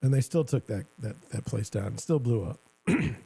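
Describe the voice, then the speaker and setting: A middle-aged man riffs in a casual, sarcastic ramble, stopping and restarting his thoughts. His voice is gravelly with a warm, dark tone at an ordinary male pitch. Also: expressive, normal speed. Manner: rambling, sarcastic, self-interrupting. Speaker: show host. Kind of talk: casual commentary.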